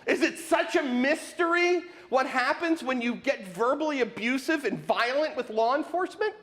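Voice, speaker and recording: A man preaching a sermon to his congregation, animated and questioning, with lots of rhetorical repetition. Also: very high voice, moderate pace. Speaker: pastor. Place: church sanctuary. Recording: live in a reverberant sanctuary.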